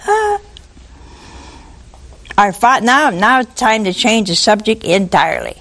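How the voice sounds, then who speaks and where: A woman preaching a sermon, animated and full of rhetorical questions to her listeners. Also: mid-range voice, moderate pace.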